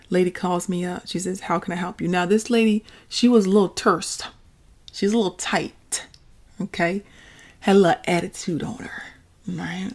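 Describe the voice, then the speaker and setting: A woman hosts her podcast in a relaxed storytelling monologue. Her voice sits a little low and has a gravelly, fry-tinged edge. She talks in a chatty, animated way and keeps turning to her listeners. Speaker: podcast host.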